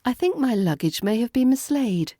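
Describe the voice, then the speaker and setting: A woman's voice: on the high side, lively intonation, moderate pace, warm tone, no echo, studio quality. A woman with a British RP accent playing a polite, restrained traveller asking about lost luggage. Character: polite stranded female traveller.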